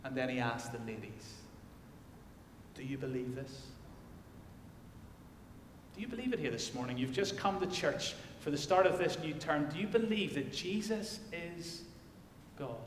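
A male pastor delivering a sermon and reading scripture, swinging from loud declarations to hushed emphasis. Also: on the high side, animated, normal speed, a little hiss or hum. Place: church. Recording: echoey church hall.

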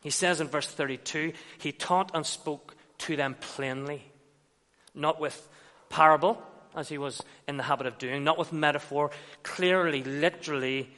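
A man's voice: on the high side, fairly bright tone. A man preaching an expository sermon, retelling scenes and acting out quoted dialogue. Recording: long reverb of a large hall.

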